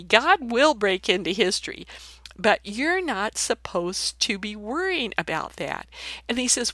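A woman reading a Bible passage aloud, then commenting on it in a conversational, animated sermon style. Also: mid-range voice, measured pace, dry recording. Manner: conversational, animated, laughs while teaching. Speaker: Bible teacher.

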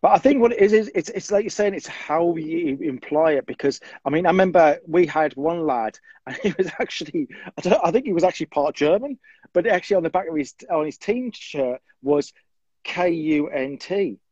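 Husky man on a dull dry mic. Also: fairly high pitch, lively intonation, moderate pace, a little mellow, dry recording. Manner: conversational, agreeing, reflective. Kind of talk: casual podcast chat.

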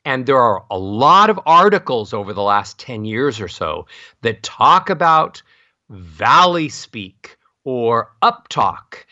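Middle-aged vocal coach guy, lively bright voice, pitch goes all over, dry and a bit dull sounding. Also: dry recording. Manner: animated, swoops pitch up and down to demonstrate melody. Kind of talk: expressive instructional talk with sung-like demonstrations.

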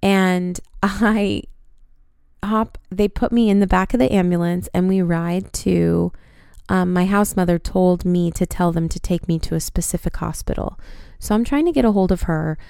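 A woman in her twenties hosts a podcast and tells a story in an animated, casual way, swearing freely. Her voice is smooth and clear. The recording is close and dry. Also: fairly low pitch, moderate pace, no echo. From United States. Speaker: podcast host.

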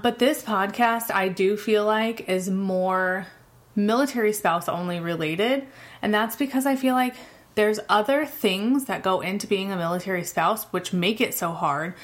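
A woman's voice: mid-range voice, fairly bright tone. A woman in her thirties hosting her own podcast, talking in a chatty, candid way and often laughing as she goes. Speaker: podcast host. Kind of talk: casual solo podcast talk.

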